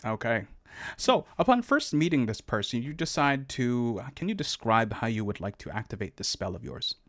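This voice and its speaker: A man narrating as game master of a tabletop game, relaxed and halting, with many fillers. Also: mid-range voice, dry recording, studio quality.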